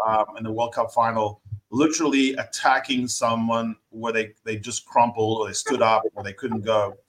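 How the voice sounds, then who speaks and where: A man's voice: medium pitch, a bit bright. A man hosting a casual podcast interview, asking long, rambling questions with fillers. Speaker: podcast host.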